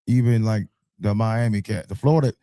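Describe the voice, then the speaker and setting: A man from Alabama with a Southern accent, chatting in a measured, conversational way on a talk show. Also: fairly low pitch, warm tone, no echo, studio quality. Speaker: radio show co-host. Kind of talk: casual chat.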